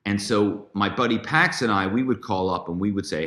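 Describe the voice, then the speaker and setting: Middle-aged male guest, deep voice, rambling chatty delivery. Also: normal speed, a bit bright. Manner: chatty, many fillers and restarts. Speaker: guest, author and former corporate spy. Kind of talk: storytelling interview.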